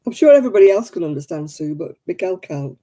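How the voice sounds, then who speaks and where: A woman's voice: lowish voice, animated, quick pace, warm tone. A woman hosting a casual livestream chat, talking to viewers by name and laughing often. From England. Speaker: livestream host.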